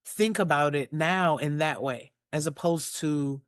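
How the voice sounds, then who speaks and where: Woman, 40s, tearful, halting, earnest, many restarts, dry room. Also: low voice, no room sound. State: tearful, choked up. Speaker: interview guest. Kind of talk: emotional personal conversation.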